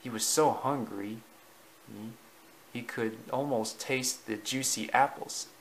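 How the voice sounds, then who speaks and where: A man narrating a storybook slowly and deliberately, with small slips in the reading. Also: medium pitch, fairly bright tone, a little hiss or hum, poor audio.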